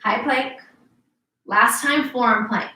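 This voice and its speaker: Speaking slowly in a slightly high, sharp-toned voice, a woman leads a workout class from an indoor home space, cheerfully encouraging and cueing every move while occasionally winded. The mic sits at a distance, picking up roomy echo and slight background noise.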